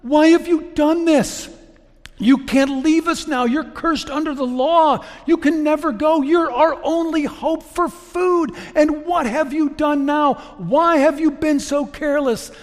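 A man voicing a distraught woman leper who cries out to her servant, in a high, anguished, pleading voice. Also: fairly even intonation, measured pace. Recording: long reverb of a large hall.

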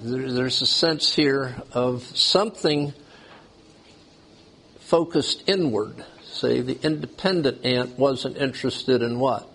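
A man's voice: medium pitch, takes it slowly, a bit bright, husky. A man preaching a sermon, asking the congregation questions as he goes. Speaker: pastor.

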